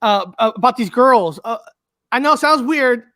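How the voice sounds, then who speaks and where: A woman co-hosting a podcast, talking hesitantly with many pauses and restarts in casual chat. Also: fairly high pitch, animated, a bit bright, no room sound, studio quality. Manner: hesitant, many fillers and restarts, self-conscious.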